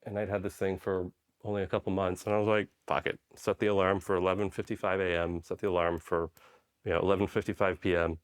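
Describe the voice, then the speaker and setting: A man's voice: low-pitched, little pitch movement, fast, clean tone. A middle-aged man from Poland, a former army medic, telling stories in a conversational interview style, often checking in with "right?". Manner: conversational, frequent "right?" and "you know" tags. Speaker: guest, army special forces medic. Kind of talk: interview storytelling.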